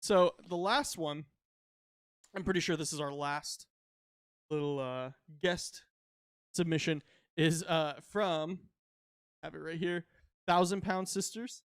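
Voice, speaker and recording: A man's voice: on the high side, slow pace, long pauses, a bit bright, clear, resonant tone, no room sound, studio quality. A man co-hosting a casual podcast chat, telling stories in a joking, profane way. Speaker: podcast co-host.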